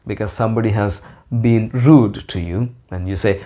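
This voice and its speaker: A man teaching an English lesson. He speaks carefully, repeats each example sentence slowly for learners, and makes small grammar slips. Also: on the low side, fairly even intonation, mellow. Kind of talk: slow explanatory lesson.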